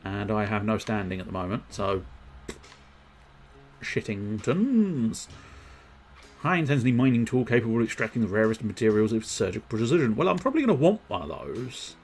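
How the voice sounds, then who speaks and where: Male streamer, casual sweary game commentary, faint noise behind. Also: medium pitch. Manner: jokey, sweary, muttering to himself.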